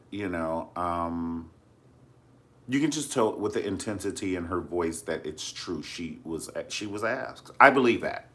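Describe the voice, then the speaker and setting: A man's voice: sits low, fairly bright tone. A man chatting casually about celebrity news in a sassy, dramatic way, often calling viewers honey. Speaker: vlogger discussing celebrity news. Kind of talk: casual chat to camera.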